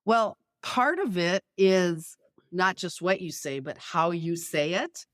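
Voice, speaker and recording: A middle-aged woman, a podcast guest, explaining conversation tips clearly and illustrating them with anecdotes. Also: lowish voice, animated, takes it slowly, a bit bright, no echo, studio quality.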